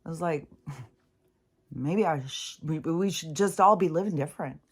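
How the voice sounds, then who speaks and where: A woman's voice: low voice, a little slow, slightly rough. Exasperated, heavily swearing woman ranting. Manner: exasperated, swearing often, mocking others' voices. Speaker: vlogger. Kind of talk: profane ranting monologue.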